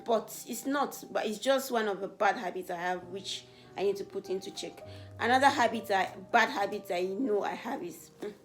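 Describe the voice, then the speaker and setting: Faint background music accompanies this relaxed Q&A, where a young woman from Africa who makes beauty videos answers questions from her viewers. Speaking at a normal pace, she comes across as earnest and lively, her voice rising in pitch and volume whenever something excites her.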